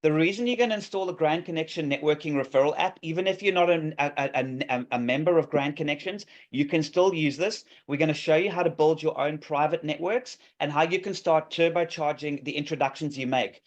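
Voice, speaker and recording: Upbeat man pitching on a call. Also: a little fast, hardly any pauses. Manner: enthusiastic, pitchy, many fillers. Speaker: presenter demoing an app. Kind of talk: live demo on a video call. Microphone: video call microphone. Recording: dull lo-fi call audio.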